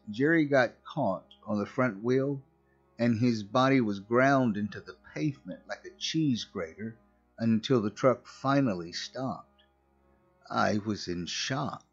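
A man narrating a scripted horror story in a slow, measured way. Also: medium pitch, husky. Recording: muffled recording with faint music.

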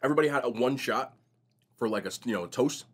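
Man, young, eating while chatting, husky voice, animated storytelling, calls people bro. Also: mid-range voice, fast talker. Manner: animated, slangy storytelling, says bro a lot. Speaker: mukbang vlogger. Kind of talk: casual chat while eating.

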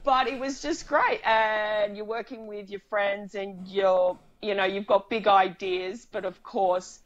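A woman's voice: mid-range voice, steady tone, measured pace, dull audio. A woman, a film writer and director, talking casually as an interview guest, chatty and laughing often with frequent restarts.

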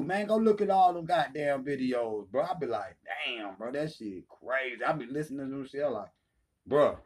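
A man with a somewhat high voice rants in a heated callout video, taunting his rivals and swearing without pause. He keeps it loud and mocking, dropping into a lower voice when he mimics others. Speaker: channel host. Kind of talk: profane ranting callout video.

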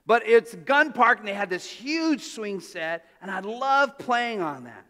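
A man's voice: sits high, very animated, unhurried, bright, forceful tone. A male pastor preaching a sermon in a church, telling stories conversationally with asides and restarts. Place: church sanctuary. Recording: reverberant church hall.

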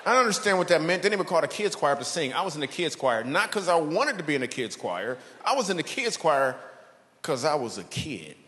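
A man performing a stand-up comedy set, telling animated stories and acting out characters. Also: a little high, fast. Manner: animated storytelling, acts out characters. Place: church hall with a live audience. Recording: long hall reverb, audience noise.

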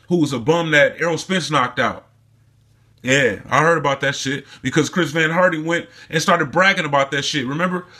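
A man's voice: a little high, bright, forceful tone. A man delivering a heated, profane and mocking commentary rant in a casual vlog, recorded alone indoors. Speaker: sports commentary vlogger.

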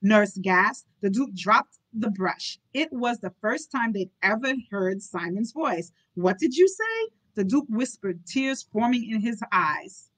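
A woman's voice: mid-range voice, a little slow, few pauses, fairly bright tone, poor audio. Book club host: woman, live read-aloud, casual asides and giggles. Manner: giggly, chatty, apologetic asides.

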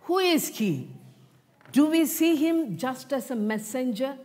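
A woman preaching a sermon in short, deliberate phrases full of rhetorical questions. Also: high-pitched, lively intonation, a little mellow. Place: church. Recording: long reverb of a church hall.

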